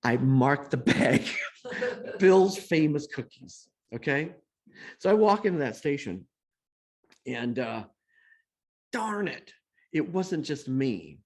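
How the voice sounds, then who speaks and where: A middle-aged man telling a personal story as a guest speaker, self-deprecating and animated, acting out the voices of the people he quotes. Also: medium pitch, slow pace.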